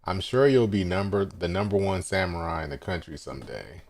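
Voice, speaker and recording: A man's voice: sits low, fairly quick, darkish tone, a little hiss or hum. A man hosting a casual live manga reaction, recapping scenes and quoting characters with laughs.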